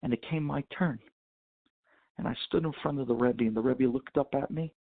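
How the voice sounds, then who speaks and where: A rabbi preaching over a phone conference line, telling a moving story with passion. His voice is gravelly and a little husky. The sound is thin and phone-like, with no room echo. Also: mid-range voice, a little fast. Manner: impassioned storytelling, Hebrew and Yiddish terms. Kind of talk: sermon storytelling.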